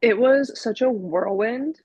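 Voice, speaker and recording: A woman in her twenties, a podcast guest, telling a story in a casual, animated way, laughing often and using lots of fillers. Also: fairly high pitch, unhurried, husky, no room sound, lo-fi sound. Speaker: podcast guest, vinyl collector.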